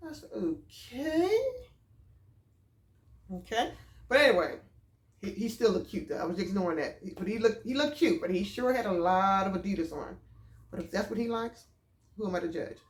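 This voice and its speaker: A woman telling a storytime vlog about a date, animated and exclaiming as she goes. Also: medium pitch, brisk. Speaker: vlogger. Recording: roomy echo.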